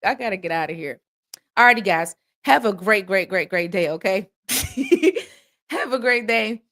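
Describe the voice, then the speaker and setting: Woman host, casual chat, from the US South, animated, jokey, big swings into disbelief. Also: mid-range voice, moderate pace.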